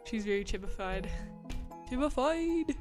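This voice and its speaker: A woman's voice: fairly high pitch, normal speed, over music. A woman streamer in casual livestream chat, bubbly and chatty as she reads out viewer messages and thanks them.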